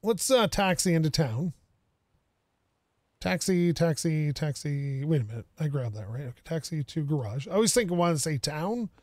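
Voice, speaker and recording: A man's voice: on the high side, expressive, moderate pace, a little mellow, dry recording. A man streaming a game, casually thinking aloud and joking with the characters on screen. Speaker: gaming streamer. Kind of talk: casual gameplay commentary.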